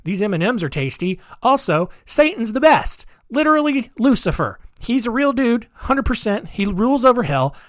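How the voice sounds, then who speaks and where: A man's voice: very high voice, very animated, normal speed, few pauses, no room sound, studio quality, voice pushed up. A man voicing a dim-witted, devil-worshipping male villain in a goofy put-on voice with a strange accent.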